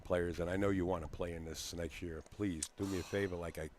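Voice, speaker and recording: A man commentates on a pool match from a booth in a very deep voice. He banters in a folksy, jokey way and laughs easily. Faint noise sits behind him. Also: fairly even intonation, fairly quick, darkish tone.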